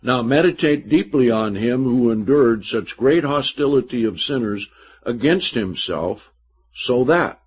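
A man's voice: on the low side, lively intonation, slightly rough. A man preaching a sermon, reading scripture aloud and stressing points emphatically. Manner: slow, emphatic Bible teaching with scripture readings. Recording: dull lo-fi recording.

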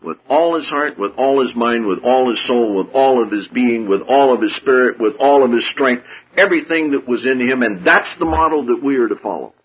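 A man preaching a sermon with a husky voice, swinging from hushed low passages to loud, high-pitched outbursts. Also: brisk, lo-fi sound.

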